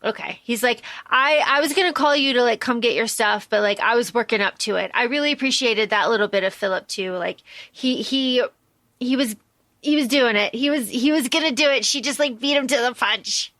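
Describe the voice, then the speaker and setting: A woman's voice: on the high side, a little fast, dry recording. A woman co-hosting a podcast, chatting casually about a book and acting out lines from the story as she retells it. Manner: animated, acts out character lines while retelling the plot. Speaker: podcast co-host.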